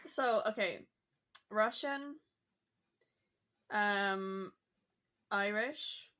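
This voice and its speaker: On a podcast, a woman muses aloud in a chatty, casual way, filling her speech with "like." Her medium-pitched voice is a bit bright, and she talks extremely slowly.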